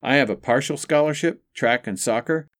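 A man's voice: mid-range voice, moderate pace, fairly bright tone, no echo, studio quality, pitched above the performer's own voice, lightly acted. An audiobook narrator, a man, voicing an earnest young woman student in a story, asking eager questions.

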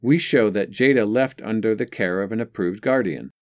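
A man's voice: lowish voice, moderate pace, a little mellow, no echo, natural voice. A man voicing a prim, sugary, clueless woman receptionist in an audiobook story. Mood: saccharine. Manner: saccharine, clipped.

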